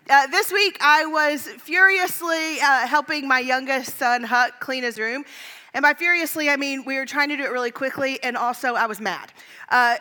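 A woman's voice: high-pitched, pushed and bright. A woman pastor in her thirties telling funny personal stories in a sermon, chatty and self-mocking with lots of fillers.

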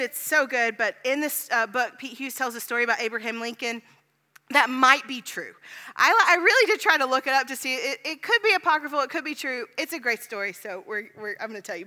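A woman pastor telling a story in a sermon, earnest, dropping to a hush at tender moments. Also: on the high side. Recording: long hall reverb.

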